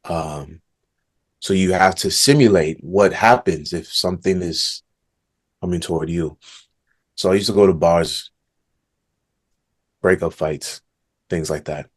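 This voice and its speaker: Deep, slow-spoken thoughtful man. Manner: slow, thoughtful, murmurs "hmm" before answering. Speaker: author and negotiation coach, podcast guest. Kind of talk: reflective podcast interview.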